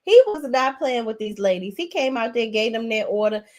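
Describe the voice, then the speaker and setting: A woman's voice: a little high, expressive, moderate pace, darkish tone. A woman hosting a casual livestream, chatting in a sassy, talkative way and calling her viewers "y'all". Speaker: livestream host.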